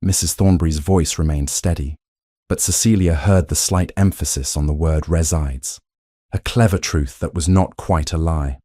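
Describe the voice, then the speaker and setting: A man narrates a period romance in a deep, dark voice. His delivery is steady and measured, like a prepared audiobook reading. The recording is dry, with no room sound. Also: no echo. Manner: even, measured storytelling.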